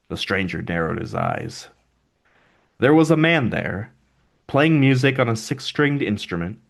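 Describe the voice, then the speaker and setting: Low-voiced man reading fiction aloud. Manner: measured, deliberate reading. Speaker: author reading his own novel.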